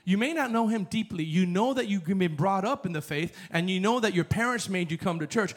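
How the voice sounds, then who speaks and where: A man's voice: high voice, lively intonation, moderate pace, few pauses. A man preaching a sermon as pastor, moving from chatty asides to fervent, rising exhortation. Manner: conversational, builds to fervent shouting.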